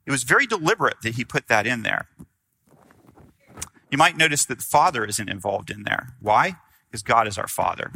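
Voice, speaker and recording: A man preaching a sermon in an animated, conversational way, acting out quotes and asking the listeners questions. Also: mid-range voice, poor audio. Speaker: pastor.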